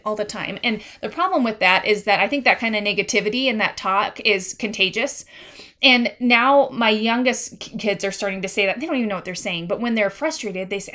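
A woman's voice: fairly high pitch, brisk, fairly bright tone. A woman in her thirties hosting a faith-based parenting podcast, talking in an earnest, confiding way and reading scripture aloud. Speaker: podcast host.

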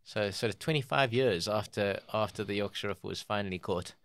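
A South African man co-hosting a comedy trivia show, laid-back and chatty as he walks through a fact. His tone is bright and forceful, at a middle pitch, recorded dry. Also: a little fast, dry recording. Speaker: co-host.

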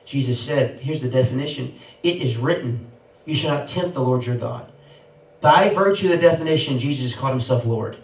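A man delivers a sermon with a fairly high voice, pressing his listeners with rhetorical questions in a preaching cadence. The recording is roomy and echoey, with the speaker set back from the mic. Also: lively intonation, normal speed, distant mic.

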